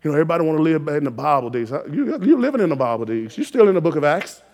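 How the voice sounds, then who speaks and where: Male preacher, high voice, fervent exhorting sermon delivery with loud peaks. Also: very animated, racing. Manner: exhorting, call-and-response rising to shouted emphasis.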